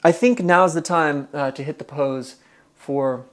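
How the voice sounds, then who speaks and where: A man's voice: fairly high pitch, unhurried. Chatty man hosting a cooking stream. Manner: chatty, reads chat aloud, thinks out loud. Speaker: live-stream cooking host. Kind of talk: casual live-stream chat while cooking. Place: home kitchen.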